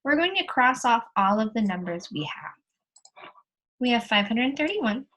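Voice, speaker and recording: A woman teacher explains a worksheet slowly and patiently, one step at a time. Her voice sits a little high and has a slightly husky edge. She sounds like a screen-share lesson recording. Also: rough recording.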